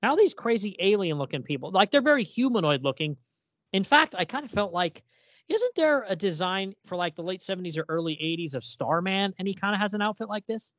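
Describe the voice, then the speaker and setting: Animated comic recapper, dry close sound. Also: mid-range voice, brisk, no room sound. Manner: animated, reads comic captions aloud, asks puzzled questions. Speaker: podcast co-host recapping a comic. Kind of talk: casual chat.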